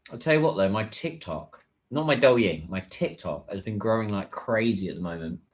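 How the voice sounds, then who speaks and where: A man's voice: fairly low pitch, animated, moderate pace. Chatty British man livestreaming. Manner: chatty, reads out and answers viewer comments. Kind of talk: casual livestream chat. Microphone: phone.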